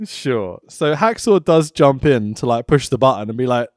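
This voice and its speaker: A man co-hosting a podcast in casual comedic chat, sarcastic and quick to laugh. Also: mid-range voice, expressive, no room sound, studio quality. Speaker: podcast co-host.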